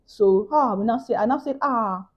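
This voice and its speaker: A woman's voice: on the high side, fairly quick, slightly rough, dull audio. A young Nigerian woman with a Nigerian accent, telling a story in a casual vlog and acting out the other people's voices. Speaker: vlogger.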